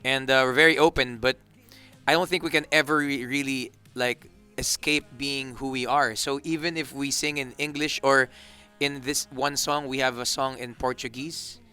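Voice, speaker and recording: A Filipino band member in a relaxed, joking interview chat, rambling with restarts. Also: male voice, mid-range voice, moderate pace, clear, resonant tone, faint music behind. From Philippines.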